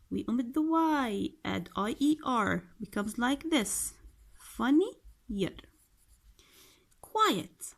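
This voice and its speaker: Woman teacher, arabic accent, slow, slightly high voice, repeats words, patient explaining. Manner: patient, repeats each word, asks and answers her own questions. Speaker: English teacher. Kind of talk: workbook grammar lesson.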